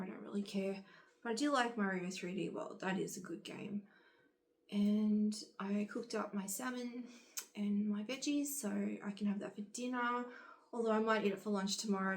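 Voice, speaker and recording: A woman's voice: mid-range voice, a little hiss or hum. A young woman chatting casually to her camera, rambling and growing exasperated as she retells things. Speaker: vlogger.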